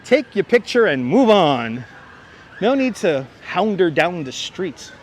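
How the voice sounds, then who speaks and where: A man's voice: sits high, slow pace. Chatty Brooklyn man on a street livestream. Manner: chatty, animated, often thanking viewers by name. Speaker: livestream host. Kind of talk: walking tour livestream, chatting with viewers. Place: city streets outdoors. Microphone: wireless clip-on mic. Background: faint city traffic.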